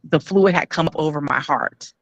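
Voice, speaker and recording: A woman guest frankly recounting her own experience in an interview, pausing often with "um". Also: deep voice, no room sound, muffled recording. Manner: earnest, frank, many "um" pauses. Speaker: guest telling her story. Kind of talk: candid personal storytelling.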